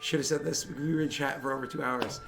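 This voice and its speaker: A man's voice: on the high side, fast, vocal fry, faint music behind. A man running a tabletop game, chatting casually and telling a story with lots of swearing and acted-out reactions. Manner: animated storytelling, swears freely, acts out friends' reactions. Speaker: game master. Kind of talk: casual chat.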